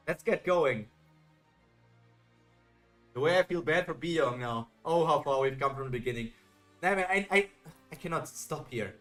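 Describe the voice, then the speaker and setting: A man's voice: a little high, fairly bright tone. A man chatting playfully with his viewers while reacting live to a webtoon on stream. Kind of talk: casual live reaction commentary.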